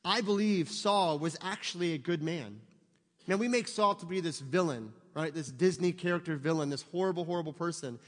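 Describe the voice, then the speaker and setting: A male pastor preaching with emphasis, his voice sitting a little high for a man. He pushes his listeners with rhetorical questions. The sound rings with the long reverb of a large hall. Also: moderate pace. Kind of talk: sermon.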